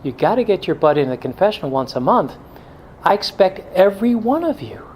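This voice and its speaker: A man's voice: high voice, sing-song, fairly quick, a little hiss or hum, poor audio. A middle-aged male pastor giving a blunt, joking talk to a men's group, now and then mimicking excuses in a whiny voice.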